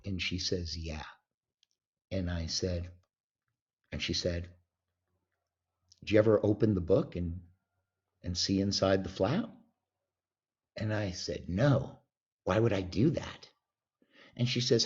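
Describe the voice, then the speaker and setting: A man guest on a podcast, telling a story with emphatic, animated delivery and acting out the voices of the people in it. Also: sits low, unhurried, pauses often. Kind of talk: storytelling in an interview. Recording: dull lo-fi sound.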